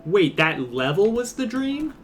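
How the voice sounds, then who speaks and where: A man's voice: high-pitched, very animated, unhurried. Goofy young man streaming over game music. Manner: goofy, sarcastic, swears, laughs a lot. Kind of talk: gameplay commentary.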